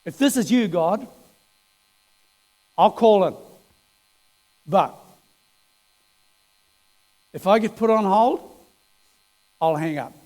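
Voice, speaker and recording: A man voicing an impassioned man who pleads loudly with God. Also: high-pitched, lively intonation, a little slow. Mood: defiant. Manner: impassioned, pleading, loud outbursts. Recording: echoey hall.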